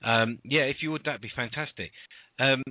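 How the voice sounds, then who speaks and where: A British male host chats and rambles at a middle pitch, stumbling into restarts as he goes. His voice comes through a narrow, phone-like line with no room sound at all. It feels like a casual online talk show. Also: normal speed, dry recording. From United Kingdom. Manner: chatty, rambling, with many fillers and restarts. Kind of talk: casual internet radio chat. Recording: dry, phone-like call audio.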